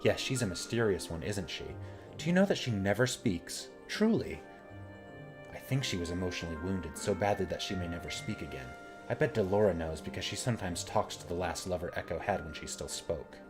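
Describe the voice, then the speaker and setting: A man voicing a sweet, timid young woman who talks gently and apologetically while reading game dialogue. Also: low-pitched, expressive, a little fast, over music.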